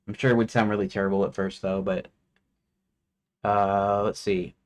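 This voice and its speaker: Guy with a lowish voice mumbling thru his dev work, counting stuff under his breath, lots of trailing off. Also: level tone, moderate pace. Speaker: game developer streaming his work. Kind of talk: casual work-along commentary.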